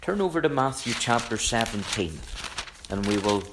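A man preaching a sermon in a measured, emphatic way, repeating phrases for weight. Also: mid-range voice, lively intonation, background noise.

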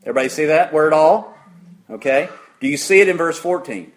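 A man preaching an interactive sermon, putting questions to the congregation in an emphatic, deliberate way. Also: fairly high pitch, expressive.

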